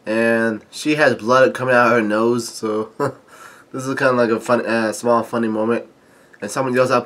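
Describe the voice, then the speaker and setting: A man recapping and commenting on a comic chapter in a casual, halting way, with lots of filler sounds and restarts, reading quoted lines mostly flat. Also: mid-range voice. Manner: halting, stop-start delivery with frequent filler sounds. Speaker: manga chapter reviewer.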